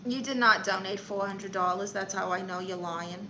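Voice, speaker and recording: Brash Brooklyn-accented woman, bright sharp voice. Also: mid-range voice, normal speed, a little hiss or hum, poor audio. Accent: Brooklyn New York. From Brooklyn, New York. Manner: brash, chatty, greeting viewers and reading chat aloud. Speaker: livestream comedy host. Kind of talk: in-character live-stream chat.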